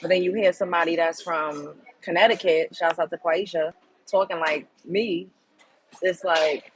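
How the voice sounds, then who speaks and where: A woman's voice: lowish voice, steady tone, moderate pace, slight background noise, poor audio. Candid, blunt woman telling a story. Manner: candid, emphatic, blunt, with swearing. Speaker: show host. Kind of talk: casual storytelling monologue.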